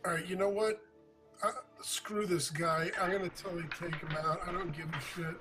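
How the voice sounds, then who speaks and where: A man's voice: high-pitched, fairly even intonation, moderate pace, over music. A man playing a tabletop game, talking bluntly and swearing freely. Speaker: player. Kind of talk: casual tabletop play.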